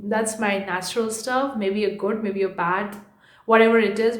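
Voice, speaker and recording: A young woman vlogging casually to camera about her online art business, chatty and repetitive, a fast talker by habit. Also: on the high side, echoey room. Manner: chatty, repeats herself, fast-talking by habit. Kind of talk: casual vlog talk to camera.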